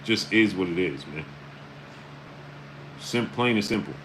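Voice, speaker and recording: Man, New York accent, very deep voice, casual live-stream host, blunt and emphatic, greets chat by name. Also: lively intonation, a bit bright, slight background noise, poor audio. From Brooklyn, New York. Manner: reads out viewer names with quick greetings, blunt and emphatic.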